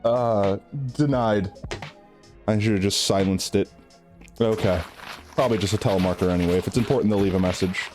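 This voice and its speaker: A man's voice: fairly low pitch, steady tone, moderate pace, long pauses, music in the background. A male streamer chatting casually with his viewers while gaming, rambling, restarting his sentences and breaking into giggles. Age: adult.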